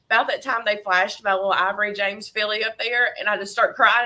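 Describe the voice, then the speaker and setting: Bright, animated Southern woman. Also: medium pitch, a little fast. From Tennessee. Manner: emotional, animated storyteller who laughs often. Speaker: podcast guest, horse breeder. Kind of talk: casual interview chat.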